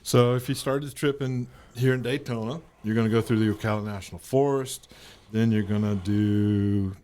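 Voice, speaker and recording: A man hosting a podcast, walking through a road-trip route in casual chat with steady, list-like delivery. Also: lowish voice, moderate pace. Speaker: podcast host.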